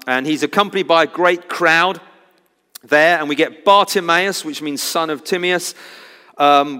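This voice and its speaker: Bright-voiced preacher in a ringing hall. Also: male voice, a little high, clear, resonant tone. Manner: animated, swings from loud cries to hushed intensity. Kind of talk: sermon.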